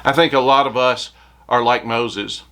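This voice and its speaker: A man's voice: mid-range voice, steady tone, unhurried, fairly bright tone. A man preaching a short devotional sermon, reading scripture aloud with rising emphasis.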